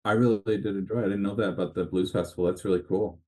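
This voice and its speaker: A man co-hosting a casual podcast chat, telling animated stories and laughing at them. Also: low voice, very fast. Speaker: podcast co-host.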